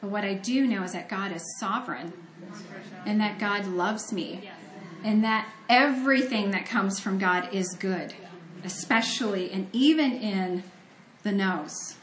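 A woman's voice: mid-range voice, unhurried, reverberant. A woman from Ohio giving a conversational, earnest sermon that mixes scripture reading with personal storytelling. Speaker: preacher.

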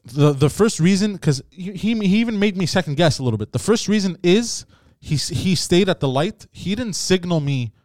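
A man casually telling a story on a podcast, acting out shouted quotes with lots of swearing and "bro". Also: high-pitched, expressive, normal speed, few pauses, dry recording, clean studio sound. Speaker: podcast host.

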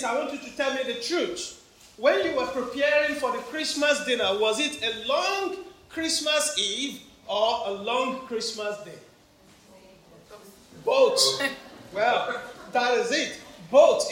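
A man's voice: extremely high pitch, bright, forceful tone. A man with an African accent preaching a family sermon in church, engaging the children and congregation with questions. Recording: very echoey church, faint background noise.

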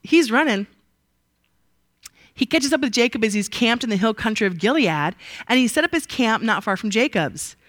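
A woman's voice: on the high side, normal speed, no room sound, studio quality. A woman teaching a Bible study to a live group in a conversational way. She often asks the group questions and answers them herself. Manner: lively, asks the audience rhetorical questions.

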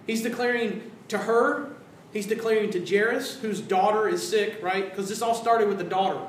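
A pastor with a high voice for a man preaches with animated swings, voicing the people he quotes and dropping into hushed tones. He speaks at a normal speed, heard from a little distance in a roomy church sanctuary with a faint hum in the room.

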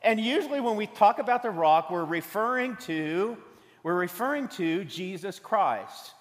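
This pastor's high voice is expressive, and he keeps a measured pace while preaching. Stories and jokes run through his sermon, delivered with humor. The sound has the long hall reverb typical of a church sanctuary.

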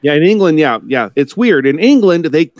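A man's voice: a little high, big pitch swings, moderate pace, darkish tone, no echo. A man from the United States co-hosting a casual talk show, rambling and correcting himself often with many fillers. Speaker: podcast co-host. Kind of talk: casual chat.

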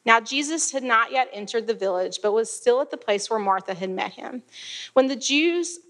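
Bright-voiced chatty woman teaching Bible. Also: on the high side, expressive, normal speed. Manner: chatty, laughs, frequent fillers.

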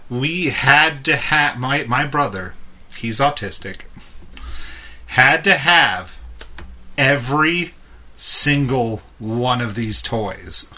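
A man's voice: medium pitch, lively intonation, slow pace, pauses often, sharp tone. A man in his thirties, a podcast co-host, telling a long rambling story in casual chat and chuckling often.

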